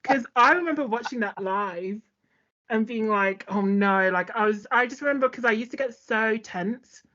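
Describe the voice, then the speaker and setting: A woman's voice: on the high side, normal speed, fairly bright tone, dull audio. A woman co-hosting a podcast, chatting casually and a bit hesitantly, with lots of filler words. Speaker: podcast co-host. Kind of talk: casual chat.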